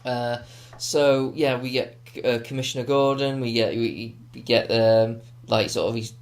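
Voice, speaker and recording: A man's voice: medium pitch, fairly even intonation, unhurried. Guy rambling thru a movie review on a podcast, lots of fillers, just chatting. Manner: rambling, filler-heavy, keeps restarting. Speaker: podcast co-host. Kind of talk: casual film review chat.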